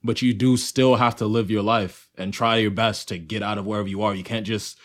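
A young man co-hosting a podcast in casual chat, animated and profane, acting out his own reactions as he talks. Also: lowish voice, a little fast. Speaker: podcast co-host.

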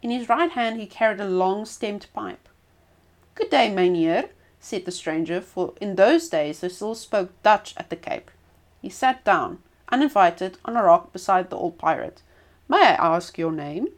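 A woman reading a folk tale aloud in an expressive storyteller's voice. She stumbles now and then and restarts a word, at a middling pitch for a woman. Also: normal speed.

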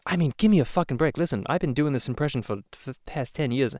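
A man's voice: mid-range voice, quick pace, dark tone, no echo, clean studio sound. A man venting in a rambling, profane, exasperated way, in a casual rant to the camera as host of his own channel. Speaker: YouTube host.

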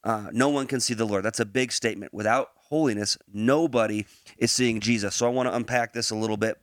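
A man hosting a podcast, moving from relaxed chat into a Bible teaching, laughing easily and using many fillers and restarts. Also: on the low side, fast, dry recording, studio quality.

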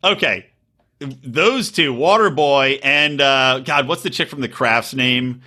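A man co-hosting a podcast in casual chat, profane and quick to laugh. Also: mid-range voice. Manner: profane, animated, laughing storyteller. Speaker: podcast co-host.

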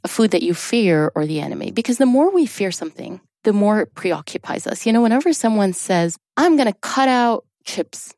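A woman's voice: mid-range voice, lively intonation, fairly quick, hardly any pauses, mellow, no room sound, clean studio sound. A woman, a drama therapist, talking as a guest in a casual interview, explaining earnestly and laughing easily.

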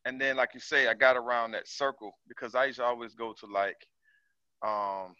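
Man caller, bright and forceful tone, halting with lots of ums, dull call audio. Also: mid-range voice, steady tone, no echo. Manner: halting, many ums and restarts. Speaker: caller, small business owner. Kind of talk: casual sharing on a group call.

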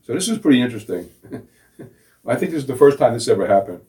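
Male talk show host, scoffing and sarcastic, mid-pitched, recorded off-mic. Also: big pitch swings, fast talker, pauses often, warm tone. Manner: sarcastic, scoffing, laughs at his own jokes. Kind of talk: mocking political talk show banter. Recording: voice distant from the mic.

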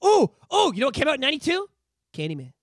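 A man with a high, lively voice that swings widely in pitch, chatting on a podcast. He talks in an animated, excitable way and swears freely. The sound is dry and close, with no room echo. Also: fast talker. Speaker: podcast co-host. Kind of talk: casual podcast chat.

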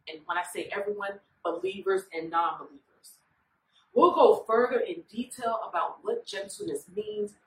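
Woman minister teaching with a roomy echo. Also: medium pitch. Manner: informal, often checks in with listeners. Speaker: minister leading a Bible study. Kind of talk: conversational Bible study teaching. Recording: echoey room, voice far from mic.

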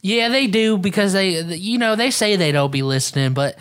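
A man's voice: high-pitched, normal speed, a bit bright, smooth. A man co-hosting a podcast, talking casually and profanely, often laughing and mimicking friends. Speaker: podcast co-host.

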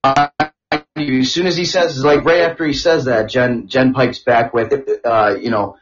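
A man co-hosting a crude casual chat podcast, rambling through stories with repeated words and loud laughs. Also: mid-range voice, animated, normal speed. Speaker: podcast co-host. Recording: dull lo-fi audio.

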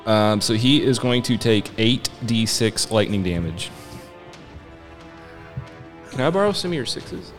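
A man's voice: fairly low pitch, expressive, unhurried, long pauses, faint music behind. A man with a Southern US accent playing a live tabletop game, joking and chatty. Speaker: player.

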